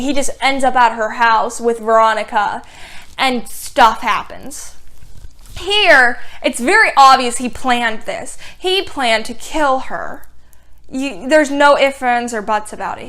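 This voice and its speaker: A young woman talks through a TV episode in a casual review, her fairly high voice full of sarcasm and exasperation. She recaps scenes loosely, peppering them with "like.". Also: a bit bright.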